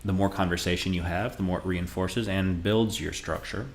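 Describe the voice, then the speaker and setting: A man teaching Spanish in a relaxed, conversational video lesson, modeling phrases slowly for beginners. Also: low-pitched, a little hiss or hum.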